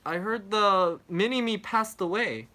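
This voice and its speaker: A man's voice: sits high, takes it slowly, pushed and bright. A young American man from California hosting a travel live stream, chatting casually, rambling and repeating words.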